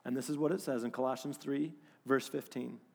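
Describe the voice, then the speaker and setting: A male pastor delivers a sermon with lively, shifting energy, rising to loud emphasis and dropping to hushed tones. His voice sits at an ordinary middle pitch and carries a long reverb, as if in a large hall. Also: fairly quick, gravelly. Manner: animated, swings from loud to hushed.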